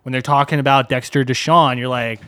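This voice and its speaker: A man's voice: medium pitch, brisk. A young man co-hosting a podcast, chatting casually and rambling with lots of fillers. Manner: relaxed, rambling, lots of "like" and "dude". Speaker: podcast co-host. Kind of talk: casual chat.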